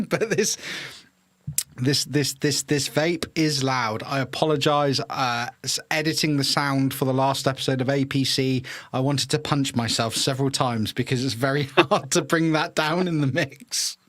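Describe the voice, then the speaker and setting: A man's voice: mid-range voice, moderate pace, a bit bright, no echo, studio quality. A man co-hosting a casual live podcast, rambling and laughing easily as he talks. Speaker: podcast co-host.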